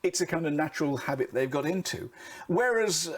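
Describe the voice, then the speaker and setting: A middle-aged British man coaching on camera presence, talking in an animated way and swinging his pitch and volume for emphasis. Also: fairly quick, breathy edge.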